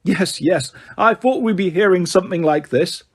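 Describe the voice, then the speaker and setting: A man's voice: sits high, normal speed, breathy edge, voice pushed up. A man voicing a smug, pompous middle-aged official who speaks in a lofty, snappish way.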